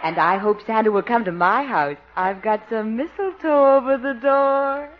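A woman's voice: a little high, normal speed, very noisy, close to an everyday voice. A woman doing a cooing flirtatious sweetheart. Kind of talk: 1940s radio acting. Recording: muffled old radio recording.

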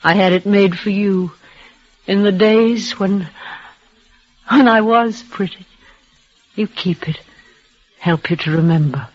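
A dying young woman, breathless. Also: medium pitch. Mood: resigned, tender. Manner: breathless, emotional, halting repetitions. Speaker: leading lady in a radio play. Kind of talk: 1940s radio acting. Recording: dull lo-fi old radio recording.

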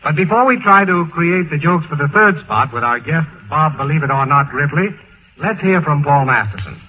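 A man's voice: on the high side, expressive, normal speed. A man hosting an old radio panel show, genially calling on each writer by name. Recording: phone-like old radio broadcast, faint hiss.

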